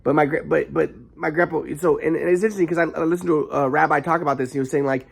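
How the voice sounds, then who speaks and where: A man talking in a casual monologue, rambling with frequent restarts and halting stops, at times flaring into anger. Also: on the high side, fairly even intonation, gravelly, breathy edge. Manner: flares into anger.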